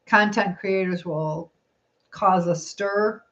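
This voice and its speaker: A woman's voice: medium pitch, fairly even intonation, slow pace, a bit bright. A middle-aged woman hosting a casual live stream, chatting and giggling as she reads out viewer comments. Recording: slightly dull lo-fi sound with faint background noise.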